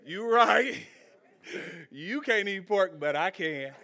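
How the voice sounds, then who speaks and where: High-voiced, bright preacher man. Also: slow pace, creaky, a faint crowd. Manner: animated, conversational preaching with call-and-response. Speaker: pastor. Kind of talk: sermon.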